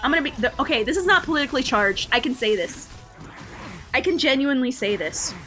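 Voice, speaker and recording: A woman streaming live, ranting casually and reading her chat aloud. Her voice is bright and a touch high. She keeps dropping "bruh" into her talk, and faint music plays behind her. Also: animated, fast talker. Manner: slangy, says "bruh" often. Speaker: VTuber streamer.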